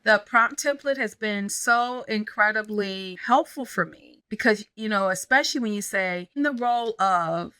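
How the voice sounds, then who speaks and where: Bright-voiced woman pastor telling a story. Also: mid-range voice, normal speed, few pauses, smooth, dry recording. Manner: animated, acts out quoted dialogue. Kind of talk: conversational interview storytelling.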